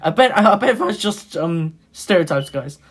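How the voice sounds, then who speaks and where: This is an excitable young heckler with a high, squeaky voice, as a man puts him on. He keeps butting in and talks in a Russian accent. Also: normal speed. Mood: excited. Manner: keeps saying "believe me, guys".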